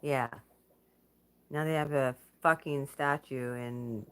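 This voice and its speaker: Woman, low voice, blunt and profane, casual spiritual vlog, laughs between remarks. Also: fairly even intonation, slow, pauses often, clean tone. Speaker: channel host.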